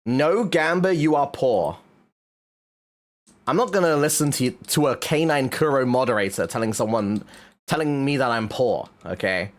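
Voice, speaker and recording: A male streamer chatting casually with his viewers, his pitch swinging widely from line to line. He talks at an unhurried pace, swears freely and laughs often. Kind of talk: casual chat.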